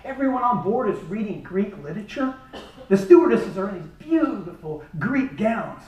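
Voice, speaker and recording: Man telling a lively funny story, echoey. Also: sits high, moderate pace. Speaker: speaker at a charity event. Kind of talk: humorous storytelling speech. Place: event hall. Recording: echoey hall from far off.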